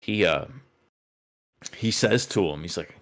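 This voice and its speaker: A man's voice: sits low, unhurried, slight background noise. A man running a tabletop game as game master, rambling with many fillers as he narrates.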